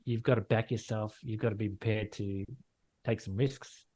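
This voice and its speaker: Blunt, low-voiced Australian man. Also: steady tone, moderate pace, warm tone. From Western Australia. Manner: blunt, frank, repeats and restarts phrases. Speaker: landscape photographer and gallery owner. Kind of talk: casual interview conversation.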